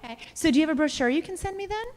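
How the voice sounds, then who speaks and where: Woman role-playing an elderly lady on a sales call, hesitant, slightly high voice, echoey hall. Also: animated, very fast, darkish tone. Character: older woman prospect, married sixty years, wary.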